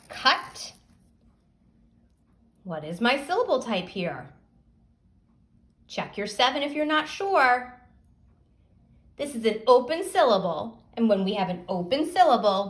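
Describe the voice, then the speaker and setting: A woman teacher giving a phonics lesson, sounding out words slowly and asking young pupils questions. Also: mid-range voice, a bit bright.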